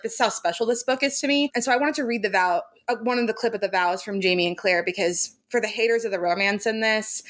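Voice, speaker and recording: A woman's voice: mid-range voice, fairly bright tone. A young woman co-hosting a podcast, chatting casually and gushing emphatically about a favorite book series, laughing often. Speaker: podcast co-host.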